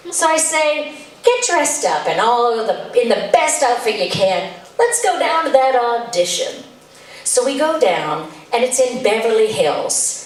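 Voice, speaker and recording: A woman's voice: fairly high pitch, heavy reverb, far from the mic, slight background noise, poor audio. A woman telling a comic story to an audience, chatty and exasperated, slipping into voices for the people she describes. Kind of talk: live storytelling set.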